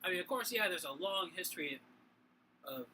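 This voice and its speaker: A man's voice: sits high, expressive, normal speed, bright, forceful tone, a little hiss or hum, rough recording. A tipsy man with a Boston accent co-hosting a casual sports talk show, rambling with many fillers and restarts. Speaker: podcast co-host.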